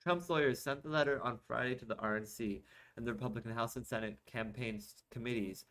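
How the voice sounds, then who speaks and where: Casual male podcast host, young adult, mid-pitched, reads articles with sarcastic commentary. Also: quick pace, fairly bright tone. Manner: sarcastic asides between read-out articles. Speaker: podcast host reading news.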